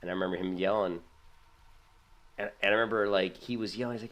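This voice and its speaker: Low-voiced man telling gaming stories. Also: fast talker. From United States. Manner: storytelling, jumps high when quoting himself. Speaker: gaming streamer. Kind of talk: casual chat while gaming.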